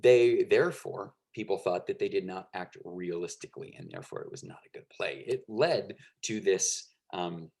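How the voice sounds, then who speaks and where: Gravelly man giving a casual lecture. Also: low voice, very animated, moderate pace, few pauses, darkish tone. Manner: conversational, frequent fillers and "right?" checks. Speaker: teacher.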